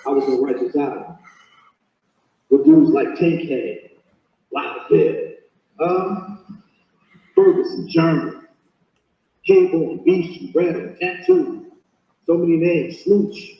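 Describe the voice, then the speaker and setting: Boastful man in a booming, distant clip. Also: very animated, slow pace, long pauses, lo-fi sound. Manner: boastful, defiant. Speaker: interviewee in a played clip. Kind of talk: boastful street talk. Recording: echoey distant clip with animal noise.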